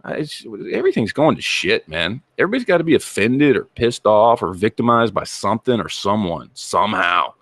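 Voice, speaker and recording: A man's voice: fairly low pitch, sing-song, a little fast, hardly any pauses, a bit bright, no room sound, studio quality. Man on a swearing rant. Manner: profane, heated, repeats himself. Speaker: channel host. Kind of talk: angry rant to camera.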